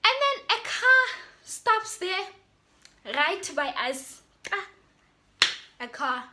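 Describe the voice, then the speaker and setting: A woman's voice: extremely high pitch, big pitch swings, takes it slowly, sharp tone. A young South African woman with an accent, chatting animatedly to her viewers as she tells a storytime. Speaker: YouTuber. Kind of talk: casual storytime.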